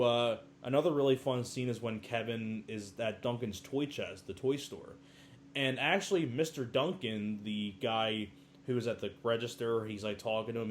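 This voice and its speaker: A man chatting through a movie review in a relaxed, rambling way, often laughing. His pitch sits in the middle, with a faint hiss of background noise behind him. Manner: chatty, laughs often, acts out film quotes.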